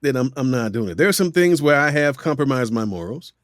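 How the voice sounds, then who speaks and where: Brief: middle-aged male voice actor guest, animated storyteller, mid pitch, dry close sound. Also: fairly quick, no room sound. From Miami, USA. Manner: animated storyteller who acts out quoted voices. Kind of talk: casual interview storytelling.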